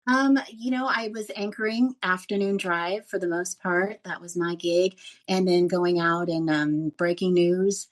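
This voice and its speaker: Animated woman telling stories. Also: on the low side, a little slow. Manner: animated storyteller who laughs often. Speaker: guest, former radio news reporter. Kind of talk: casual interview storytelling.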